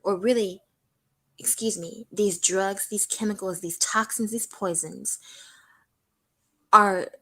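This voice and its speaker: A woman's voice: medium pitch, steady tone, low-quality recording. A young woman speaks as a caller on a live talk show. She tells a painful personal story earnestly, stumbling and restarting her sentences as she goes. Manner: earnest, halting, with many restarts. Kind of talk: emotional personal testimony on a call-in show.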